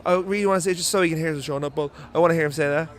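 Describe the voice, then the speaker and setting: An Irish man talking very fast, his voice sitting a little on the high side. He is wired from a show that has just ended. He is cheeky, swears freely and laughs a lot, and he is being interviewed out of doors at a festival. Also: fairly even intonation. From Ireland. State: buzzing after a gig. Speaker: musician guest. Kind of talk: casual interview chat. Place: outdoors at a festival.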